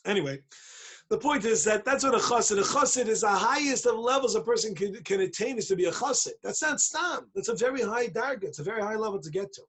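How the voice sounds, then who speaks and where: Animated husky man giving a Torah talk. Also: high-pitched, quick pace. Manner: playful, acts out voices in his story, emphatic. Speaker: rabbi giving a daily talk. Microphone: video call.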